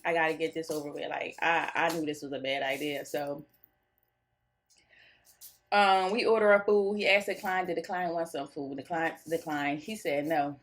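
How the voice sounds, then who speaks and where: A young woman tells a story to her followers in a goofy, laid-back way. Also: lowish voice. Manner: goofy, laughs easily, animated retelling. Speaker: vlogger telling a story. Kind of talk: casual storytime chat.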